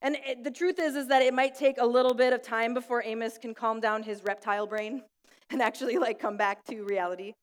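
A woman's voice: a little high, steady tone, fairly quick. Woman pastor in a reverberant hall. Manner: warm storytelling with light laughs. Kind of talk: sermon with prayer. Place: school room used for church.

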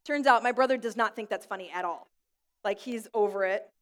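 A woman's voice: medium pitch, fairly quick. Woman pastor in a reverberant hall. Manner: warm storytelling with light laughs. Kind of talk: sermon with prayer. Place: school room used for church.

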